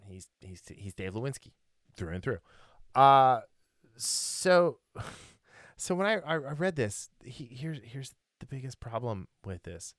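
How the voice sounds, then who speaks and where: A man's voice: mid-range voice, big pitch swings, slow, fairly bright tone, no room sound, studio quality. A man co-hosting a podcast in casual chat, rambling and opinionated, with many fillers and restarts. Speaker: podcast co-host.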